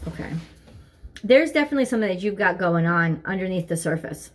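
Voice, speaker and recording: Her voice is lowish, with lively intonation and a quick pace, as she does a tarot reading from her desk at home while her dog stays nearby. She's earnest, circling back over the same points as she reasons aloud.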